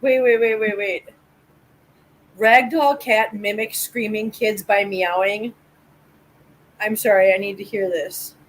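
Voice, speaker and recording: A woman's voice: mid-range voice, fairly even intonation, slow pace, long pauses, poor audio. A woman hosting a casual live chat about cats, playful and mock-offended. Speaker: livestream host.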